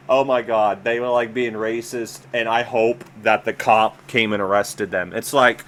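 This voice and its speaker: A man's voice: fairly low pitch, steady tone, measured pace, hardly any pauses, fairly bright tone, slight background noise. A man co-hosting a casual reaction chat, rambling and chatty as he reads stories aloud and comments.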